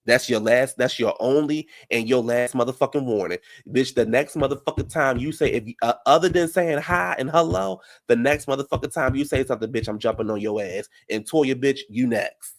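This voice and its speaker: A man giving brash, profane reality TV recap commentary, heated and animated. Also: mid-range voice, brisk, hardly any pauses.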